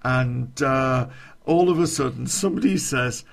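A man's voice: mid-range voice, unhurried, creaky. A man telling a rambling podcast anecdote, chuckling and swearing as he goes. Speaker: podcast storyteller.

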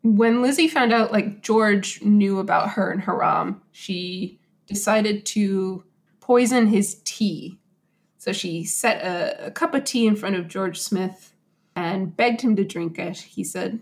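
A woman's voice: mid-range voice, takes it slowly, gravelly. Chatty woman retelling a true story. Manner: animated, acts out quotes in voices. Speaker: podcast host. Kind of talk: casual storytelling chat.

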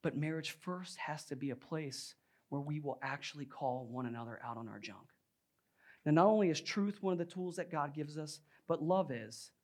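A man's voice: a little high, lively intonation, moderate pace. A young adult male pastor preaching a sermon in a conversational, storytelling way, often saying "like" and "right?".

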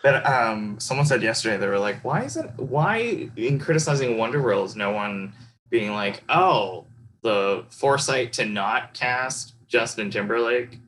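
A man's voice: medium pitch, expressive, unhurried, fairly bright tone, slight background noise, low-quality recording. A man co-hosting a podcast in casual chat, with a wry, teasing way of talking. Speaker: podcast co-host.

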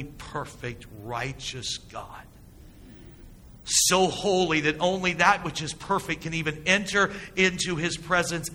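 A man preaches a sermon with a high, very bright voice, pressing his points and asking the congregation rhetorical questions. His delivery swings between hushed and emphatic. The sound carries the long reverb of a church sanctuary. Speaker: pastor.

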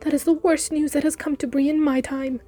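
A woman voicing a chatty, flustered middle-aged male innkeeper who talks high and fast when scared. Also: level tone, dark tone, soft background music, close to an everyday voice. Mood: alarmed.

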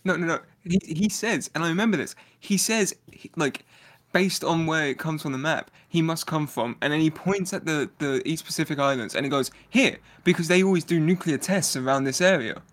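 A man co-hosting a casual movie review chat, retelling scenes in an animated way and laughing as he talks. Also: on the high side, a little fast. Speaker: podcast co-host.

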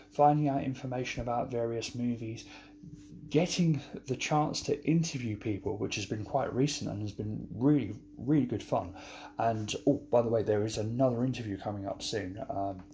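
A man hosting a podcast, signing off in a rambling, halting way that keeps repeating words. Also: mid-range voice, darkish tone, a little hiss or hum. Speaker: podcast host. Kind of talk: casual podcast sign-off.

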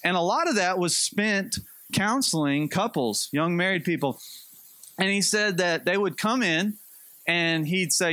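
A man's voice: sits high, lively intonation, measured pace, sharp tone, no room sound. A man preaching a sermon in a conversational, storytelling way with light humor. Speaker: pastor.

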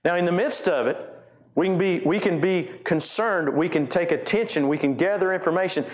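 A man's voice: sits high, brisk. Folksy middle-aged man preaching. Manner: folksy, rambling, self-correcting, emphatic. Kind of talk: informal sermon.

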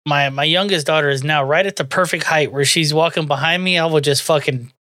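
A podcast co-host with a fairly high, pushed and bright voice talks briskly, trading crude, swear-filled jokes and laughing a lot in casual banter. The sound is clean studio audio with no room sound.

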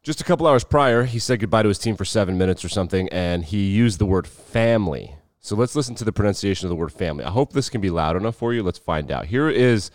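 A man's voice: lowish voice, animated, fast, few pauses, no echo. A man from the Rocky Mountain region hosting a sports podcast in chatty, sarcastic, emphatic casual talk. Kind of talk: casual solo podcast chat.

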